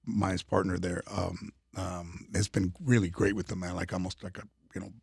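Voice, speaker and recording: A comedian being interviewed, telling rambling stories full of restarts and fillers. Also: male voice, low-pitched, level tone, moderate pace, vocal fry, husky, no room sound. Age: older. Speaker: comedian guest. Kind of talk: casual interview storytelling.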